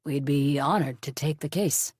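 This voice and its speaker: A calm male detective, read by a woman narrator in an audiobook. He speaks gently and reassuringly, in a low voice. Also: moderate pace, breathy edge, no room sound, clean studio sound. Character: calm male private investigator.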